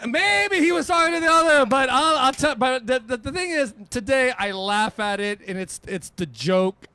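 Animated high-voiced man telling a story. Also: normal speed, clean tone, no echo. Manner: animated, profane, acts out quotes. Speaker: radio DJ guest. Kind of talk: casual storytelling chat.

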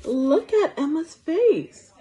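A young woman teacher reading a storybook aloud to small children, slow and encouraging, asking them questions as she goes. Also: very high voice, animated, mellow, a little hiss or hum, low-quality recording. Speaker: preschool teacher.

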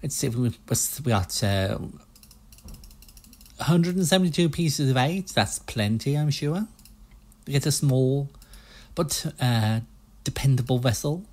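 A man hosting a casual let's play, chatting in a relaxed, self-mocking way as he plays. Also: medium pitch, measured pace, long pauses. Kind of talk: casual game commentary.

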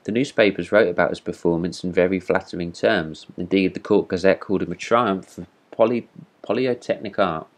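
A man reading a classic story aloud, measured and expressive, with occasional slips. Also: low voice.

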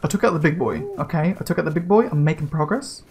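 A man giving casual gameplay commentary, excitable and slangy, swearing and yelping as he plays. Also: on the high side, quick pace, slightly rough. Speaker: let's play gamer.

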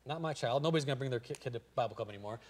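A middle-aged man with a Midwestern American accent preaching a sermon as pastor, moving from hushed storytelling to loud, stammering pleading. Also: mid-range voice, rapid-fire, background noise. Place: church sanctuary.

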